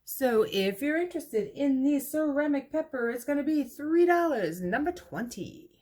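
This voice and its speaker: A woman in a relaxed, chatty sale patter, presenting vintage pieces one by one. She talks about them with easy affection, calling them cute little babies. Each pitch ends briskly with a price and a lot number. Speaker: vintage shop owner running an online clearance sale. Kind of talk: casual live sale item presentation.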